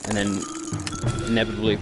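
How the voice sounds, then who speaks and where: A man's voice: lowish voice, completely flat delivery, fairly quick. A young man hosting a gaming channel, rambling through a joking, swearing recap of a horror game. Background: music.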